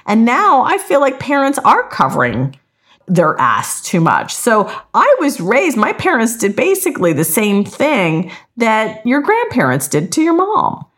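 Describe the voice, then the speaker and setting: Middle-aged woman podcast host, blunt and profane, high voice with a wide, animated range. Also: measured pace. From Italian-American. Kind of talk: casual podcast chat.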